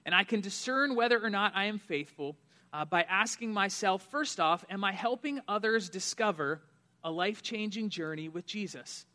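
A young man delivers a sermon in a high, bright voice. He preaches in an earnest, conversational way, with frequent fillers and restarts. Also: normal speed. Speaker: pastor.

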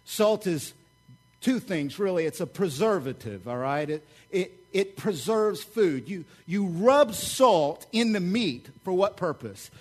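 A man delivers a lively sermon as pastor, his voice sitting high for a man. He preaches with fired-up energy, keeping it conversational and checking in with the congregation as he goes.

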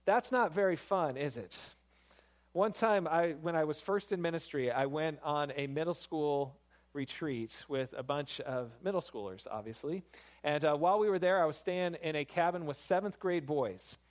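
A man's voice: fairly high pitch, moderate pace. A man, a pastor, giving a sermon in a conversational, storytelling way that builds emphasis.

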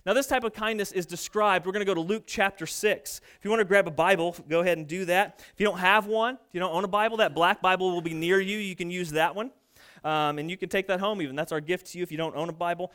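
Clear-voiced young pastor preaching. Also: male voice, high voice, fairly even intonation, fast talker, a bit bright. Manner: conversational, self-deprecating storytelling. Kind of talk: sermon with personal stories. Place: church stage.

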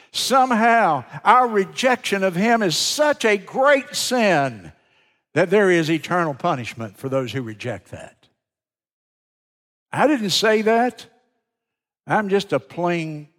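A man preaching a sermon, telling folksy stories and swinging from loud to hushed. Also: high-pitched. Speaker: pastor. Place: large church sanctuary. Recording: long church reverb.

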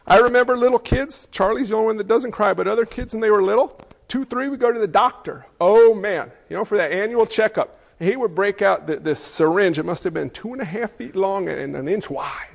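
A man's voice sits high for a man as he preaches a sermon. He is middle-aged and talks in an animated, conversational way. He often turns aside to question the congregation directly. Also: a little fast, creaky, in a large hall. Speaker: pastor.

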